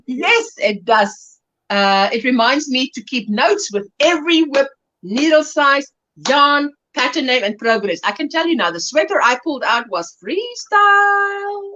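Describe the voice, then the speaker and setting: A woman's voice: high voice, sing-song, a little slow, bright, forceful tone, muffled recording. A middle-aged South African woman hosting a livestream, chatty and laughing as she reads out viewer comments. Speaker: livestream host. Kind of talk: casual chat while crafting.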